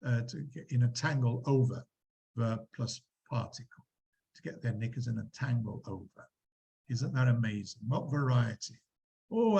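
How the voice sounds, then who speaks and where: A man lecturing a university class, explaining examples with animated emphasis and quizzing students. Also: mid-range voice, gravelly, poor audio. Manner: lively, quizzing students, acting out quotes.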